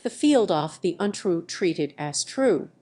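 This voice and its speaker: A woman reading a translated lecture and its audience questions, in an even, measured way, announcing each question and answer. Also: fairly low pitch. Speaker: narrator voicing a lecture Q&A.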